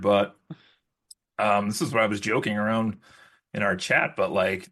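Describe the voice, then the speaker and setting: A man co-hosting a podcast in casual chat, rambling with lots of likes and restarts. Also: a bit bright. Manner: rises high when mimicking others. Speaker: podcast co-host.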